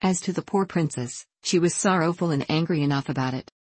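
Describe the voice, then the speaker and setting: A woman narrating a fairy tale in a measured, steady audiobook reading. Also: deep voice, husky, no room sound.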